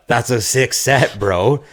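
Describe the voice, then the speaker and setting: A podcast co-host from Canada, chatting casually and swearing, full of "like" and laughing mid-story. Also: male voice, medium pitch, slow, a bit bright.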